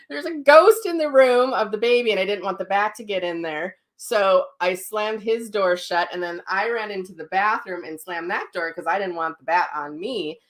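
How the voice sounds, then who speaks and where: A woman with an average-pitched voice hosts a live online class as a psychic medium. She is chatty and animated, tells stories with frequent laughter and answers viewers' comments. She speaks at home into a livestream mic. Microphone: livestream mic, sound sometimes cutting out.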